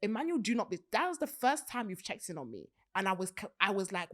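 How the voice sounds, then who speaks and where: Animated young British woman hosting a podcast. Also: mid-range voice, fast talker. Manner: animated, laughs often, swears casually. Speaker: podcast host. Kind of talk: casual chat.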